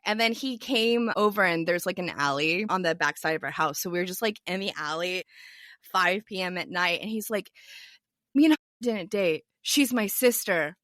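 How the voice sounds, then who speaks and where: Bright young woman telling a story. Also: on the low side, normal speed, no room sound, studio quality. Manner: animated storyteller, quotes others in a lively voice. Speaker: podcast guest. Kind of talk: casual storytelling chat.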